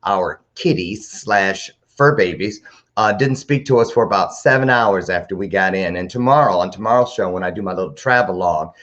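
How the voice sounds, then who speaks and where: A man hosting a live talk show, chatting to camera in a rambling, animated way. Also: sits low, normal speed.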